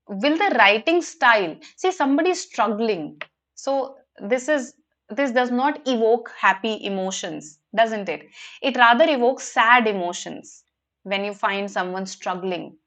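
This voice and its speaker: A woman's voice: medium pitch, fairly bright tone. A woman with an Indian English accent teaching a live online vocabulary lesson, explaining patiently and often checking in with the class. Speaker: online exam prep teacher.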